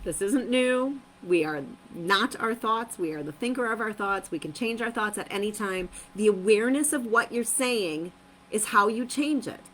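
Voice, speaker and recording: A woman's voice: mid-range voice, moderate pace, fairly bright tone, slight background noise, low-quality recording. A woman hosting a live-streamed motivational talk, upbeat and emphatic, repeating her phrases and laughing often.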